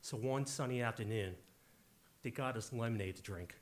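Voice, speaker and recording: A man's voice: mid-range voice, moderate pace. A man in his forties telling a jokey, punchy story live on stage into a handheld mic.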